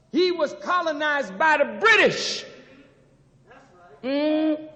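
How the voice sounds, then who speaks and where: A man, a minister, giving an impassioned lecture to students, building to shouts and stretching words for emphasis. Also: very high-pitched, animated. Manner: preaching, rising to shouts, drawn-out emphasis. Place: university auditorium. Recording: archival recording with long hall reverb.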